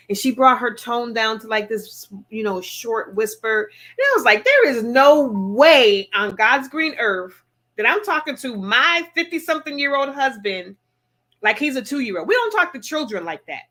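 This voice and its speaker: Bright, emphatic middle-aged woman. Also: medium pitch, a little slow. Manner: animated, emphatic storytelling. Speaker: podcast co-host. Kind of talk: casual chat.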